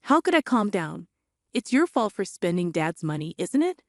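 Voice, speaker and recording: A woman's voice: lowish voice, big pitch swings, normal speed, no room sound, studio quality. A woman voicing a furious, demanding younger sister. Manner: shouting, indignant.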